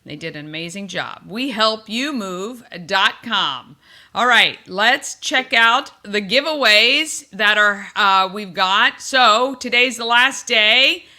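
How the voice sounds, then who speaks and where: A woman's voice: mid-range voice, slow, sharp tone. A woman hosting a casual live local morning show, upbeat as she reads giveaways and chats with a guest. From Maryland, USA. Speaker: host.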